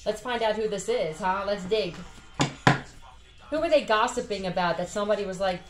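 A woman's voice: mid-range voice, fairly quick, noisy background. A tired woman with a Philadelphia accent doing a casual tarot reading, blunt and chatty with lots of swearing. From Philadelphia area. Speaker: tarot reader. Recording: echoey room with faint music. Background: faint music.

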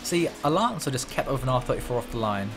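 A gaming channel host, a man with a medium-pitched voice, talks fast and with big pitch swings in casual let's-play commentary on a racing game. He jokes and swears as he plays, with music in the background.

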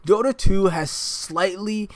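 A man rants angrily at his gaming computer, his voice pitched a little high. He swears often and works himself up as he goes. The sound is dry and close, with no room echo. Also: slow pace. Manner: angry ranting, frequent swearing. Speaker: streamer. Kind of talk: heated gameplay commentary. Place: at a gaming computer while streaming.

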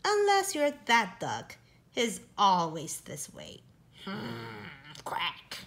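A woman's voice: mid-range voice, wildly swooping pitch, slow pace, fairly bright tone. A woman reading a children's picture book aloud in a playful way, adding animal noises as she goes. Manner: playful, makes animal noises between lines. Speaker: storyteller.

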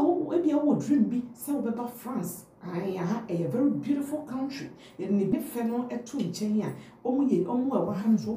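A woman with a Ghanaian accent teaching French phrases to Twi speakers, drilling each phrase slowly and repeating it. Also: medium pitch, far from the mic, a little hiss or hum. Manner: lively, drawn-out repetition of phrases. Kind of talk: language lesson, repeat-after-me drills. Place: France. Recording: echoey room, off mic, faint ambience.

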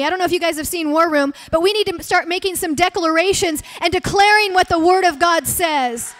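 A woman's voice: very high-pitched, fast, hardly any pauses, a bit bright. A woman pastor preaching at a church service, earnestly acting out heartfelt prayers as she speaks. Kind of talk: sermon.

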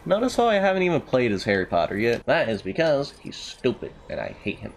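A man giving let's play commentary, jokey and excitable, swearing and yelping at the game. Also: medium pitch, brisk, creaky, a little hiss or hum. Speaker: gamer.

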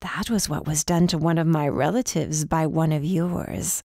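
A woman's voice: deep voice, fairly even intonation, moderate pace, darkish tone, no room sound, clean studio sound. A woman voicing a cruel young female villain who mocks and threatens in a sinister croon. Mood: menacing.

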